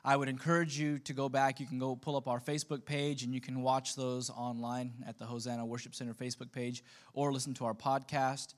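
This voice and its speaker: At a medium pitch, a pastor in his thirties gives a casual sermon that feels like a conversation. He often breaks off to joke with the people in the pews.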